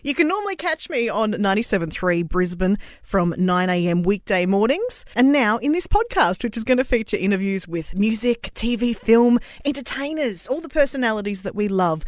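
A woman's voice: mid-range voice, very animated, normal speed, hardly any pauses, no echo. Playful woman host, dry sound. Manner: bright, playful, laughing. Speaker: radio and podcast host. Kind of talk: podcast interview.

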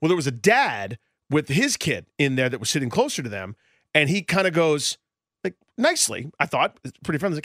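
A man co-hosting a radio talk show, telling a story in an animated way. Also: fairly high pitch, brisk, dry recording, clean studio sound. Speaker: radio co-host. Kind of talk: sports radio chat, storytelling.

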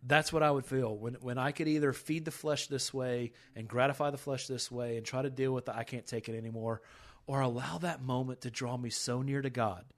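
A man's voice: medium pitch, fairly even intonation, fairly quick, few pauses. Earnest man hosting a faith podcast. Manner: earnest and emotional, with many restarts. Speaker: podcast host at a rehab ministry. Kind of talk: candid faith podcast chat.

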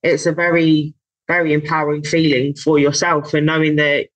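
A woman's voice: sits low, level tone, normal speed, no room sound, low-quality recording. A woman hosting an interview podcast, responding to her guest with short affirming remarks. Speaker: podcast host.

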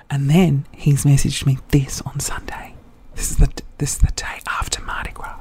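A woman's voice: deep voice, steady tone, a little fast, gravelly, mellow, husky, in a whisper. Aussie woman comedian, rambly, laughs at her own jokes. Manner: giggly, self-mocking, rambling asides. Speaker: comedian and podcast host. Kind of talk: casual comedic storytelling.

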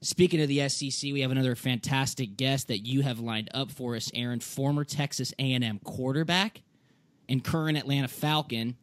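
A man's voice: medium pitch, fairly even intonation, fairly quick, no room sound. Male sports podcast host, easygoing and chummy, dry close recording. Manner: laid-back, chummy, says "dude" and "man". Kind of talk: casual sports podcast chat.

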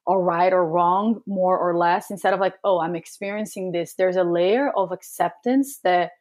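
A spiritual coach with a voice on the low side appears as a guest on a casual podcast. She speaks softly and reflectively, emotionally open, with pauses and fillers.

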